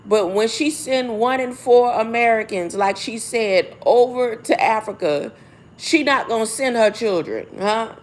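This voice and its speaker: A woman's voice: fairly high pitch, unhurried. A woman reading a text aloud and musing over it in a casual, rambling way. She often asks a rhetorical "huh?" and corrects herself as she goes.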